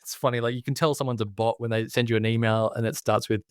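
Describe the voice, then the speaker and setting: An Australian man in his thirties, talking in an easygoing, chatty way as a guest on a podcast. His voice sits at a middle pitch and sounds dry and close, with no room echo around it. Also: fast talker, clean tone. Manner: relaxed, chatty, laughs easily. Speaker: podcast guest, branding specialist. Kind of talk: casual conversational interview.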